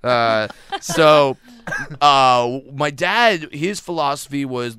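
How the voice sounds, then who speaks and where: A man with a bright, very crisp voice tells comic stories in a casual interview, jumping into other people's voices and laughing along. The sound is dry and close, with no room around it. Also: mid-range voice, moderate pace, no echo. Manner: animated, laughing, acting out quoted voices. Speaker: comedian guest.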